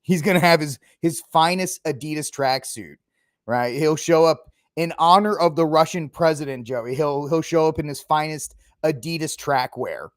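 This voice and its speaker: A man hosting a casual political podcast, opinionated and mocking, sometimes acting out quick impressions of politicians. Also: fairly high pitch, no echo, clean studio sound. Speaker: podcast host.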